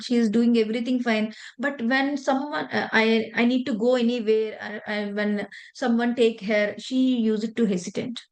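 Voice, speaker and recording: Woman in her 40s, meditation teacher, earnest, fairly high voice. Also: darkish tone. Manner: earnest, conversational, loose grammar. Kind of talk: spiritual lesson with personal story.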